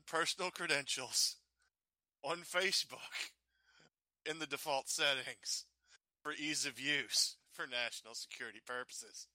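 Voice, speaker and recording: A man co-hosting a casual podcast, delivering sarcastic jokes in a deadpan way. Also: mid-range voice, no echo. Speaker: podcast co-host. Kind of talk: casual chat.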